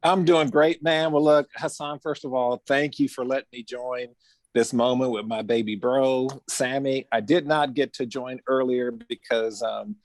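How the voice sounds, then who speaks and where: A man's voice: mid-range voice, fairly even intonation, normal speed, dry recording. A man taking part in an interview from his office as the guest's older brother, speaking earnestly. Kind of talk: casual interview.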